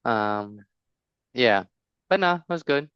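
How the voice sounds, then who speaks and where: A man with a South African accent, co-hosting a podcast in relaxed casual chat and often restarting his sentences. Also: medium pitch, slow, clear, resonant tone, no echo, muffled recording. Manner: laid-back, hesitant, restarts a lot. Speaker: podcast co-host.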